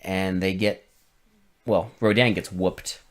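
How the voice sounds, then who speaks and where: A man co-hosting a podcast in casual chat, animated and finishing his co-host's sentences. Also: deep voice, takes it slowly. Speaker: podcast co-host.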